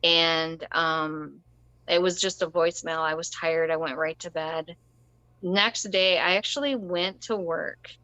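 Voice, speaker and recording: A woman on a dull lo-fi recording talks slowly in a bright, forceful voice. She tells a personal story the way a guest would in an interview, rambling and chatty, with lots of ums and little laughs. Her voice sits a bit low, and the sound is dry and muffled. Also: steady tone, smooth, no room sound. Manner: rambling and conversational, with frequent ums and short laughs.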